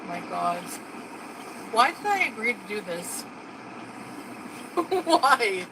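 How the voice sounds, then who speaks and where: A woman's voice: mid-range voice, sing-song, unhurried. A woman talking casually to her viewers while she drives, stressed and grumbling. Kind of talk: casual talk while driving. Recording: road noise inside a moving car.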